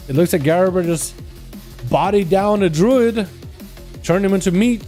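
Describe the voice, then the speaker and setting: Excitable high-voiced man calling game duels. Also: moderate pace, faint music behind. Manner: excitable play-by-play, breaks into joking asides. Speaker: streamer and match commentator. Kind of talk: livestream game commentary.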